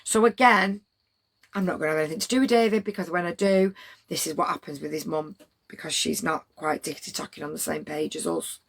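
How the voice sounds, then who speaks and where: A woman's voice: low-pitched, a little fast, gravelly. A middle-aged woman, telling a story to her livestream chat in a blunt, rambling way with plenty of swearing.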